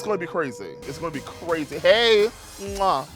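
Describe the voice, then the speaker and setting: A man's voice: high voice, sing-song, fairly quick, over music. A man from South Carolina, a drag queen contestant, talking in a sassy, campy confessional interview with a big announcer voice and bits of sing-song.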